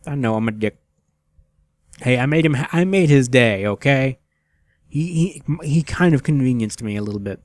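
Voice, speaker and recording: A man commentating a game, with sarcastic, low-key asides. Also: fairly quick, no room sound. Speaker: let's play host.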